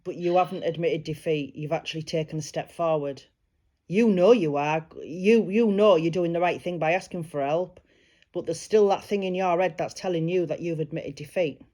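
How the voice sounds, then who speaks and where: A woman working as a psychic medium, giving a private reading in a gentle, reassuring way and relaying spirit messages. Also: on the low side, normal speed.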